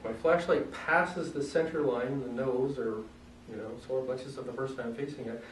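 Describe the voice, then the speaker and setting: A man coaching strikes in a loose, joking, hands-on way, stopping now and then to clear his throat. His voice comes from well away from the mic, bouncing around a roomy space, with a faint hum of ambience behind him. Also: mid-range voice, steady tone, moderate pace, far from the mic. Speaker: self-defense instructor. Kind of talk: casual demonstration lesson.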